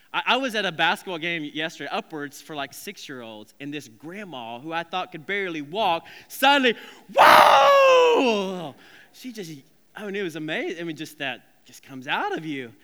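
Bright, clear-voiced male pastor preaching. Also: fairly high pitch, normal speed. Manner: lively, joking, conversational preaching. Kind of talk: sermon. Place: church sanctuary. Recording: long reverb of a large hall.

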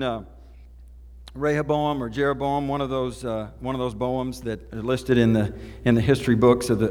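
A man pastor retells a scripture story in a relaxed, folksy way. His voice sits at an ordinary middle pitch. It rings out with the long reverb of a church sanctuary. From Oklahoma. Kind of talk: sermon. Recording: reverberant hall.

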